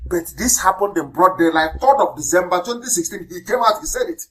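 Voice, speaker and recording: A man's voice: lively intonation, a little fast, poor audio. Fiery Nigerian man on live radio. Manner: fiery, denouncing, emphatic repetition; swings between loud outbursts and low muttered asides. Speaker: political leader broadcasting on radio.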